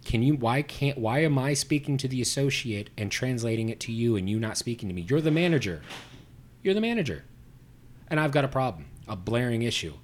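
A man's voice: medium pitch, quick pace, few pauses, slight background noise. A man telling a story in casual chat, ranting with animation and acting out both sides of the exchange. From Puerto Rico.

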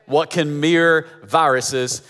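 Male pastor, high voice, emphatic repetitive sermon delivery, hall reverb. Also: steady tone, slow pace, fairly bright tone. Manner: emphatic, repeating phrases for effect.

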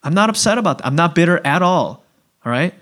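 A male pastor preaching a sermon in a relaxed, conversational way, acting out little voices and asides. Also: a little high, fast. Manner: conversational, animated, acts out voices.

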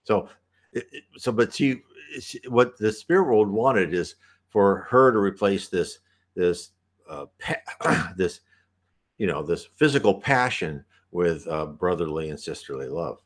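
A man hosting a talk that answers viewer questions, speaking in a relaxed, rambling way, restarting sentences and clearing his throat. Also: deep voice, measured pace. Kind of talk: casual spoken advice talk.

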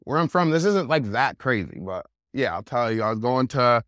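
A young man, a podcast guest, telling a wild story in a casual, animated way, full of "like". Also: mid-range voice, normal speed, no echo, clean studio sound. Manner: animated, heavy use of "like", laughs while telling.

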